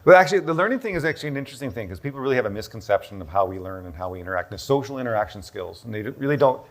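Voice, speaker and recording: A man's voice: mid-range voice, expressive, rapid-fire. A man explaining a health topic on stage, lecturing and thinking aloud, often checking in with "okay?". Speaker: doctor presenting a health protocol. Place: busy room with a live audience.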